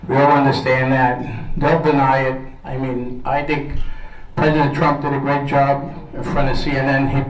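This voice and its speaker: In an event hall at a political social, a Brooklyn-accented man speaks to a crowd in a mid-range, level voice at normal speed, barely pausing. Out of breath, he gives a blunt, rambling speech and laughs often, captured from far off in an echoey room.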